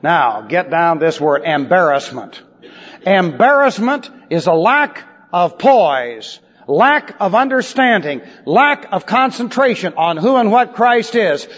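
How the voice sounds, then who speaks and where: A man preaching a sermon, wry and lively, dropping into sly asides. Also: high voice, slow pace, breathy edge. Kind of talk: expository sermon. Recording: dull recording in a large reverberant hall.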